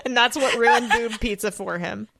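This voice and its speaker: A woman's voice: on the high side, moderate pace, gravelly, crowd noise. A woman co-hosting a comedy podcast, dropping wry jokes in casual chat. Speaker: podcast co-host.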